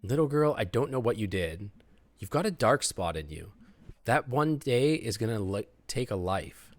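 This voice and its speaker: A man reading the lines of an eerie old woman fortune teller in a game, slow, low and hushed. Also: sing-song. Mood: ominous.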